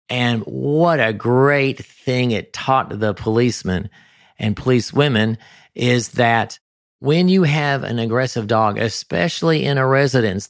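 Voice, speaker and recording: A man's voice: mid-range voice, no echo. A man hosting a podcast, giving dog-training advice in an emphatic, sometimes ranting monologue into a close mic.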